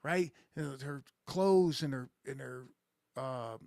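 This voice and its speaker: A man's voice: mid-range voice, slow pace, vocal fry, darkish tone, no room sound, studio quality. A middle-aged man hosting a podcast, talking in a crude, sarcastic, rambling monologue. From rural United States. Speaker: podcast host. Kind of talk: casual monologue.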